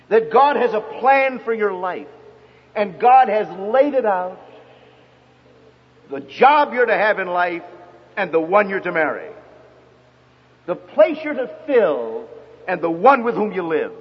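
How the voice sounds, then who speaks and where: An older man preaching a sermon, emphatic and telling stories with quoted dialogue, in a husky voice. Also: high voice. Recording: dull lo-fi recording with long hall reverb.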